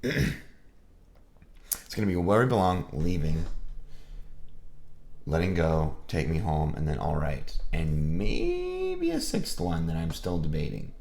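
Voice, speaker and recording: Low, gravelly sick man rambling on stream. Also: wildly swooping pitch, slow pace, pauses often, darkish tone. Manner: rambling, self-deprecating, thinking aloud. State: sick, with a rough voice. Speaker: musician streaming his mixing work. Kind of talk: casual live-stream chat.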